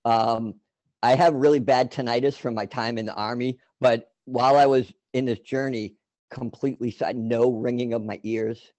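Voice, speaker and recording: A man's voice: mid-range voice, steady tone, moderate pace, a little mellow, no echo. A man telling a long personal story in casual chat, rambling with many fillers and restarts.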